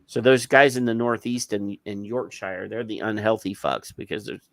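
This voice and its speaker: A man's voice: fairly low pitch, normal speed, gravelly, fairly bright tone, dry recording. A man co-hosting a casual podcast, reading news stories aloud with blunt, rambling asides and many restarts. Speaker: podcast co-host. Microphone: headphones and studio mic.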